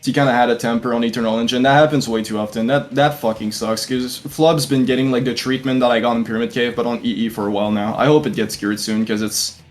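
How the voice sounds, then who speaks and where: A young man telling how his race went in a casual interview, animated and swearing freely. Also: medium pitch, fast talker, few pauses, soft background music. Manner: animated storytelling, heavy swearing. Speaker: tournament competitor being interviewed.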